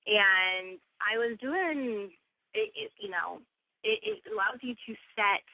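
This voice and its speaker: A woman's voice: mid-range voice, slow pace, no echo. A woman co-hosting a podcast, chatting casually with many fillers. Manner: chatty, filler-heavy, laughing easily. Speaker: podcast co-host. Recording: tinny phone-like sound.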